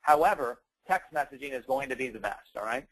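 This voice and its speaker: A man's voice: medium pitch, expressive, fairly quick, fairly bright tone, rough recording. A man giving a casual sales training talk, chatty and emphatic, with plenty of fillers. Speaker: network marketing trainer.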